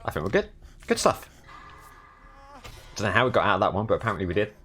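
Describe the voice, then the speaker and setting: This young man's voice is on the low side, with huge swings in pitch, a sharp tone and a breathy edge, and he talks quickly. He comes from the south of England, has a southern English accent, and streams his gameplay live, chatting and thanking viewers as they follow.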